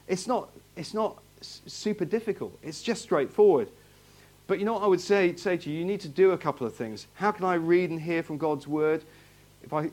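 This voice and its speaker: A man preaches to his congregation in a loose, conversational way. He asks the room question after question and restarts his phrases as he goes. His voice sits a little on the high side. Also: a little mellow. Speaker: pastor. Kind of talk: sermon. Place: church hall, in front of a congregation.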